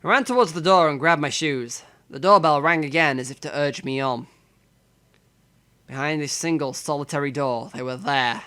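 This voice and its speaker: A man's voice: on the high side, normal speed, sharp tone, smooth. A male streamer reading a visual novel's text aloud with drama, breaking off for joking, profane asides.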